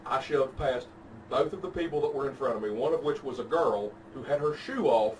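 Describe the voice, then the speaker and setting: Casual man, podcast host telling a profane anecdote, mid-pitched voice, far from the mic with noise behind him. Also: normal speed. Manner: laid-back, profane storytelling. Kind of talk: casual chat. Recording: distant mic with background noise.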